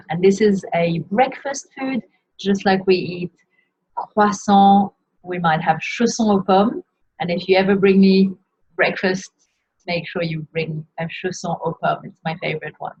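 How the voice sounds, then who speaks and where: A woman teaching how to pronounce pastry names in a slow, careful lesson, saying each word and repeating it. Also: lowish voice, darkish tone, breathy edge. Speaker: French teacher. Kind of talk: pronunciation lesson. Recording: dull lo-fi sound.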